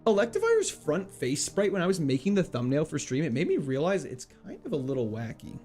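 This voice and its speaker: Animated, chatty male game streamer. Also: on the high side, fairly quick, soft background music. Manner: chatty and playful, laughing often. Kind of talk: casual live gameplay commentary, reading chat.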